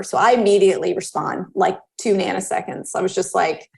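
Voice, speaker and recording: Woman, thirties, podcast guest, chatty storytelling, lively pitch leaps when quoting people. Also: a little fast, gravelly. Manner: animated, acts out quoted dialogue with pitch jumps. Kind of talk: casual storytelling in an interview.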